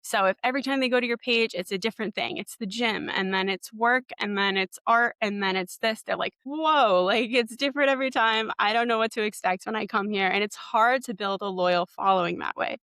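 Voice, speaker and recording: Young woman coach, mid-range voice, relaxed and upbeat, filler-heavy talk, dry recording. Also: mid-range voice, a little fast, hardly any pauses, smooth, dry recording. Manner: casual, encouraging, many "like" and "you know" fillers. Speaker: podcast host and marketing coach. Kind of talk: webinar teaching.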